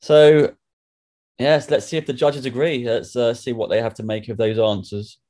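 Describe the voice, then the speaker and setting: A man's voice: medium pitch, steady tone, normal speed, dark tone. Wry male game show host. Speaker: quiz host. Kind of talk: comic game show hosting.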